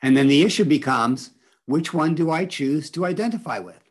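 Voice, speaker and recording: A man's voice: on the high side, lively intonation, normal speed, breathy edge. A man leading an online spiritual workshop on a video call, encouraging the group and repeating back their answers. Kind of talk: teaching an online group session.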